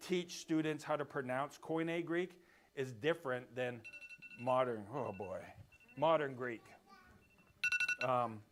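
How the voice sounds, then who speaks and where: A man's voice: mid-range voice, slight background noise. Man teaching a church Bible class. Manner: explains step by step, often checks in with "right?".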